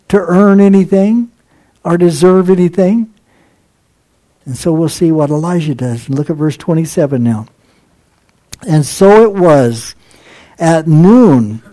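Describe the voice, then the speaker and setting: High-voiced, mellow male preacher. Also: rough recording. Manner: expository, reads scripture aloud and comments; chuckles at the humor in the text. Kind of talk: sermon.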